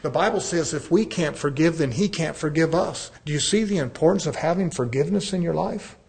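Male pastor, fairly high voice, earnest sermon with conversational storytelling. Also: animated, fairly quick, creaky, darkish tone. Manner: earnest preaching that addresses the congregation as brethren; conversational storytelling with acted-out dialogue.

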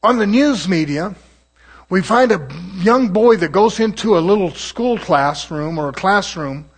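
A man's voice: sits high, lively intonation, a little slow. A man preaching a sermon in an emphatic, confrontational way, chuckling between points.

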